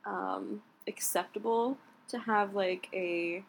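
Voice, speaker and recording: A woman's voice: medium pitch, fairly even intonation, slow, vocal fry, low-quality recording. A woman co-hosting a podcast in casual chat. She talks with a hesitant, chatty manner and often laughs. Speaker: podcast co-host.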